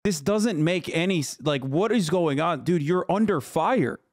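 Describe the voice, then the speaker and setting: A man's voice: a little high, animated, a little slow, no room sound, studio quality. A man streaming live, reacting to news with agitated, profane ranting.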